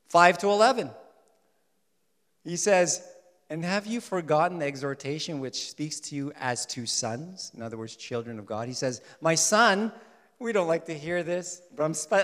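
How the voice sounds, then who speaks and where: Animated preacher man in a reverberant hall. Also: fairly high pitch. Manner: animated, swings from loud emphasis to soft asides. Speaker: pastor. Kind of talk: sermon.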